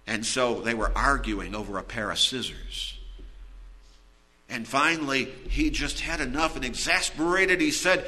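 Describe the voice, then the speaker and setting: A man preaching a sermon, telling a story and swinging from quiet asides to loud outbursts. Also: mid-range voice, measured pace, big-room sound, poor audio. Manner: storytelling with wide swings in loudness.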